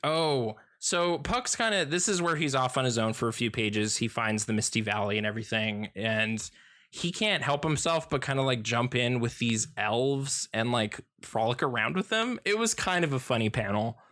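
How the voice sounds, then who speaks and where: A man's voice: mid-range voice, lively intonation, normal speed, fairly bright tone. Rambling man chatting on a podcast. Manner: rambling, many fillers and restarts, laughs often. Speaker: podcast co-host. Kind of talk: casual chat about a comic.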